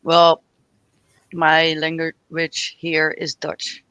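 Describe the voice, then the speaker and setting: Woman, tarot co-host, casual rambling chat, unhurried, bright voice. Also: low voice, monotone, smooth, no echo. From Spain. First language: Spanish. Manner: rambling, chatty, laughs often, trails off mid-sentence. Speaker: tarot reader, livestream co-host.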